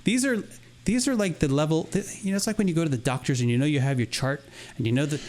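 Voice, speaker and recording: A man's voice: a little high, fast talker. A man co-hosting a podcast, telling a long story in casual chat, rambling and acting out what people said. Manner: animated, rambling, acts out quoted dialogue with laughs. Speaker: podcast co-host.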